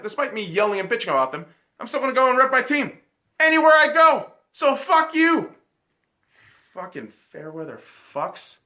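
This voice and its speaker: Podcast host, late 20s, man, high bright voice, profane yelling sports rant. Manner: swears constantly, ranting and yelling.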